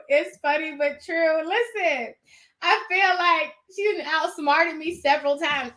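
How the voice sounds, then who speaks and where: A woman hosting a casual live stream from her home office, animated and rambling as she talks to viewers. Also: high-pitched.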